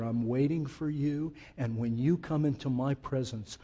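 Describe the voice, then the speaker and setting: A male pastor preaching a sermon, swinging from hushed, slow passages to loud, emphatic declarations in a church. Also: mid-range voice.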